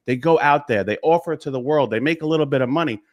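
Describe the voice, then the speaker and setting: A man from Long Island, New York, a business coach speaking as a guest on a talk show, who makes his points in quick lists of short phrases. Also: a little high. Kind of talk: casual talk show conversation.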